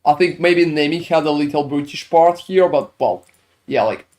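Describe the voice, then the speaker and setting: Speaking at a moderate pace in a slightly high, somewhat mellow voice, this man with a French accent games on stream. He chats with his audience casually, answering them in rambling, filler-heavy talk.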